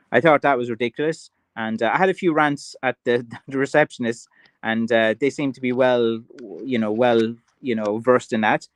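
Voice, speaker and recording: A man's voice: medium pitch, no room sound. A middle-aged man with an Irish accent, chatting casually on a livestream, rambling with lots of filler and answering viewer comments. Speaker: livestream host, stick maker.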